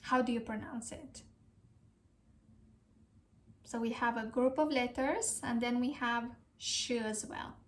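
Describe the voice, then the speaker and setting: A woman from Romania teaching pronunciation, carefully sounding out and repeating each word. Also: a little high. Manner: slow, careful repetition of words. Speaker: language teacher. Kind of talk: pronunciation lesson.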